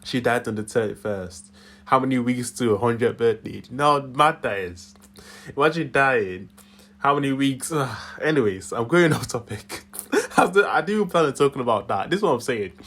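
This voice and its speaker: With a mid-range, fairly bright voice, a young channel host rambles casually on his own from his room. His accent is Yorkshire English with a Nigerian tinge, and he keeps chuckling.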